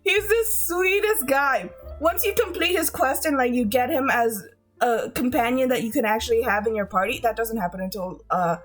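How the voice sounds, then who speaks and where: A woman's voice: a little high, moderate pace, soft background music. A woman streamer chatting casually with her viewers, gushing, giggling often and swearing freely, with frequent restarts.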